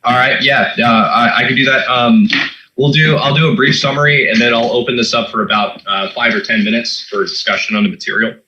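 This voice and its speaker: A man answers on a dull, lo-fi line with faint hiss behind him. His voice is very bright and forceful in tone, yet he talks hesitantly, with "um"s and restarts. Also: mid-range voice, fairly even intonation, fairly quick. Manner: hesitant, filler-laden. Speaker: study group member. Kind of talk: casual talk on a call.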